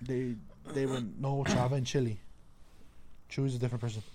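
A young man telling profane, animated stories in casual chat, acting out what other people said. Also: mid-range voice, brisk. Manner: profane, animated storytelling with acted-out quotes.

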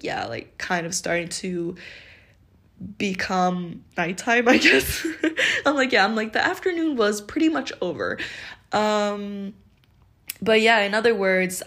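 Chatty young woman telling a story. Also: mid-range voice. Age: 20s. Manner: chatty, lots of fillers and laughs. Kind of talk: casual storytime.

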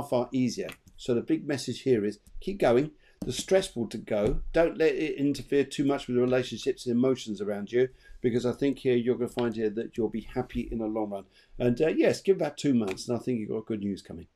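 A man's voice: medium pitch, moderate pace, dark tone. Chatty man giving a reading. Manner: rambling, chatty, repeats phrases. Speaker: tarot reader and co-host. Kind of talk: live online reading, casual chat.

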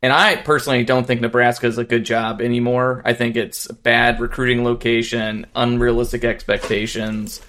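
A man's voice: mid-range voice, normal speed, hardly any pauses. A man co-hosting a casual sports podcast, telling stories animatedly and mimicking people he quotes. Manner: animated storytelling, mimics others. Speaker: podcast co-host.

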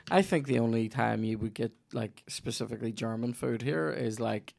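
A man's voice: medium pitch, unhurried, gravelly, darkish tone. A young man with a Northern Irish accent hosting a podcast, chatting casually in a rambling, sweary way with lots of restarts. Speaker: podcast host. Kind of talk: casual chat.

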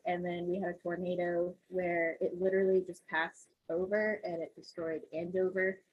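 A woman's voice: on the low side, a bit bright, a little hiss or hum, low-quality recording. A woman who works as a physical therapist, animatedly telling a story in casual chat, acting out the voices and laughing often.

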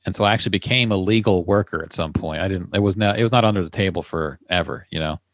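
Co-host, man, low-leaning voice, rambling and easygoing, dry close recording. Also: a bit bright, dry recording. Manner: chatty, quick to laugh, rambling. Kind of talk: casual chat.

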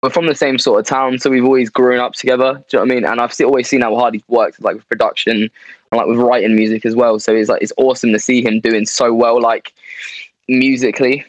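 A man's voice: medium pitch, flat delivery, fast, no echo, low-quality recording. Give me a casual English band guy, dry and up close, who keeps tossing in "mate" and "to be fair.". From England. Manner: rambling, laughs often, fillers like "mate" and "to be fair". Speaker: band member guest. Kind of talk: casual interview chat.

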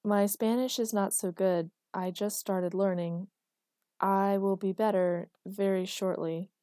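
A woman narrator voices a frank, literal-minded young woman who keeps asking innocent questions. The tone stays warm and mellow, recorded close and dry. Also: mid-range voice, a little fast, dry recording, close to an everyday voice. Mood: curious.

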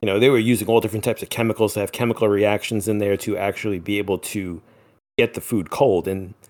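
A man's voice: fairly low pitch, fast talker. A man co-hosting a podcast, casually walking through a topic with lots of ums. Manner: relaxed, filler-heavy, laughs easily. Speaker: podcast co-host. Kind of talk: casual chat, presenting a topic.

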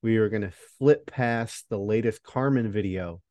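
A man's voice: on the low side, normal speed, a little mellow, dry recording, clean studio sound. A man co-hosting a podcast, chatting casually and reading listener stories with a profane, joking manner. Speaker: podcast co-host.

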